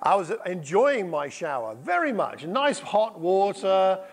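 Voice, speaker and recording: A man's voice: sits high, unhurried. A middle-aged man preaching in church, asking the congregation questions and telling a story with energy. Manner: lively storytelling, repeats answers back. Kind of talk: sermon with audience questions. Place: church hall.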